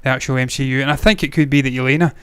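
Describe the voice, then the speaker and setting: A man's voice: medium pitch, steady tone, racing, clear, resonant tone, no room sound. A Scottish man co-hosting a casual film chat, rambling and swearing freely. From Scotland. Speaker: podcast co-host.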